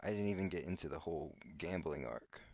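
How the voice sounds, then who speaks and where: Very low-voiced rambling podcast man. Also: fairly quick, darkish tone, no echo. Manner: hesitant, filler-heavy, restarts often. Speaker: podcast host. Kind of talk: rambling comedic monologue. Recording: dull lo-fi dry recording.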